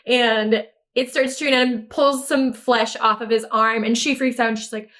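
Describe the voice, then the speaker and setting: Her fairly high, fairly bright voice moves at a moderate pace with fairly even intonation. As a podcast co-host chatting casually, she walks through a movie's story, swearing without restraint, laughing often and bluntly acting out the lines.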